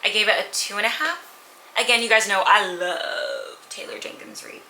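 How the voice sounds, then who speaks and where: A woman casually reviewing books at home, candid and animated, sometimes acting out characters' lines. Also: medium pitch, moderate pace, roomy sound, a little hiss or hum, low-quality recording. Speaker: book vlogger. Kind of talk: casual chatty book review. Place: at home with a purring cat nearby.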